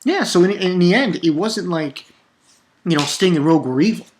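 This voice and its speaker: A man giving a casual spoken review of a manga chapter, ranting with exasperation and stumbling over repeated words. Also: a little hiss or hum. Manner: animated, exasperated ranting with sudden pitch jumps; halting, with frequent repeated words.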